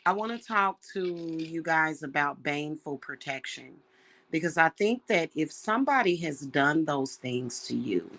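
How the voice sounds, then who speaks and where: A woman's voice: deep voice, lively intonation, unhurried, a bit bright. A woman speaking as a practicing witch to her audience, earnest and emotional. She sounds close to crying and talks in a casual, heartfelt way, often turning to her viewers as y'all. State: close to tears. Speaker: witch and spiritual reader. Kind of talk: casual spiritual talk to viewers.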